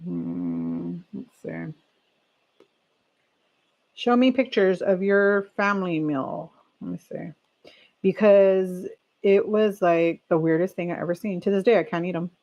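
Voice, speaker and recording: A woman's voice: on the low side, very animated, a little slow, pauses often, a little mellow, highs cut off. A woman hosting a casual chat stream. She reads aloud, reacts with strong opinions, laughs often and talks straight to her viewers. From California. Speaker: livestream host.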